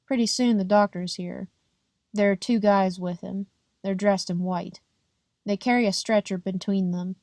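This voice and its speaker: A woman's voice: mid-range voice, fairly even intonation, moderate pace, a little mellow, no room sound, studio quality. A woman reading a gritty audiobook. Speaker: audiobook reader. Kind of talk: first-person audiobook narration.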